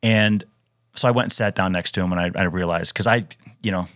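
Man, low voice, dry close mic, emphatic casual talk, frequent restarts and fillers. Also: fairly quick, a bit bright, no echo. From Wisconsin, US. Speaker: podcast guest, retired Navy SEAL. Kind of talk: casual conversational storytelling.

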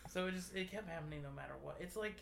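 A man's voice: high voice, very fast, gravelly, fairly bright tone, slight background noise. Echoey-voiced joking man in his thirties. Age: 30s. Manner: joking, self-deprecating storyteller. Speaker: friend on a trip. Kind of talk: casual chat.

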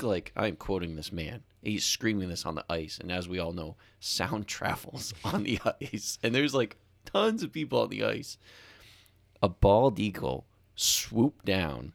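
A man with a deep voice tells stories on a podcast, full of energy. He acts out the shouting of the people he quotes. The sound is close and dry, with no room echo. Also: animated, normal speed, gravelly. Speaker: podcast co-host. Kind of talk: casual chat.

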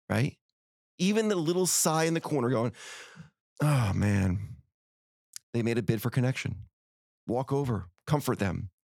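This middle-aged podcast host speaks at a medium pitch in a clean studio recording with no room sound. His motivational talk is earnest and folksy, packed with rhetorical questions.

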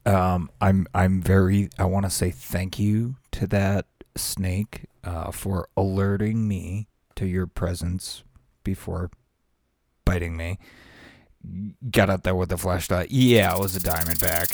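Slow, gravelly man rambling on a podcast. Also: low-pitched, level tone, a little mellow, dry recording, studio quality. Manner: rambling, laughs often, swears casually. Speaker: podcast host, aspiring voice actor. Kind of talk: casual podcast monologue.

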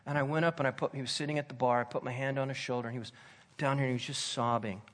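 A man preaching a sermon, telling a personal story in an earnest, conversational way that drops to soft intensity. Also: medium pitch, fairly even intonation, rapid-fire.

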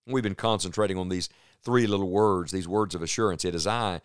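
An earnest male preacher delivers a radio sermon in a low, smooth, resonant voice. He is emphatic and drags out the key phrases for weight. The studio sound is close and completely dry. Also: fairly even intonation, fairly quick, dry recording.

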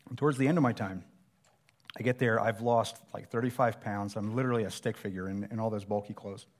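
A man's voice: on the low side, fairly even intonation, fast talker. A middle-aged man preaching a sermon, telling a personal survival story in a conversational, self-deprecating way.

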